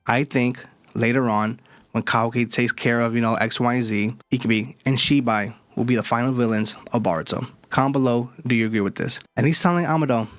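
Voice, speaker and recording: A man hosting a casual manga chapter review, excitable and slangy with hype outbursts. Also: medium pitch, fast, hardly any pauses, no echo. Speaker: anime reviewer, channel host.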